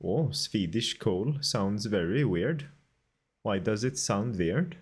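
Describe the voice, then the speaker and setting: Man, streamer, fake bad Swedish accent, slow unhurried talk, chatting with viewers. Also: lowish voice, lively intonation, slightly rough, no echo. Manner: putting on a deliberately terrible Swedish accent; chatty, reads out and answers viewer messages. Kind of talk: casual livestream chat while making game art.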